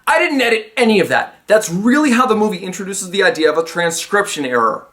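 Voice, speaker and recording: A man narrates a comedic film review in a slightly high voice that swings widely up and down. His delivery is sarcastic and lively, with dry jokes dropped between points. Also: fast talker, soft background music.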